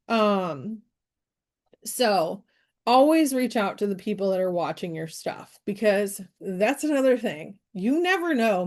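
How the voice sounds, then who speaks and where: A woman leading a live-stream training, talking in a chatty, animated way with many fillers. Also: medium pitch. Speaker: network marketing trainer.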